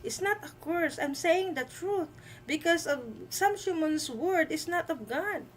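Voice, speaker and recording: Emphatic high-voiced woman streamer. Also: expressive, a little hiss or hum, poor audio. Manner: emphatic, repeats herself, halting with fillers. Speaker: livestream host. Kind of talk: live-stream commentary.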